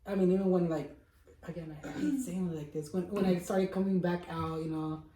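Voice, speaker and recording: A man's voice: sits high, a little fast, warm tone, slight background noise. Young guy rambling w friends, lots of um and like, far off the mic. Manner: rambling with many fillers, laughs often. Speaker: friend in group chat. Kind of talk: casual chat among friends. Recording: roomy, distant from mic.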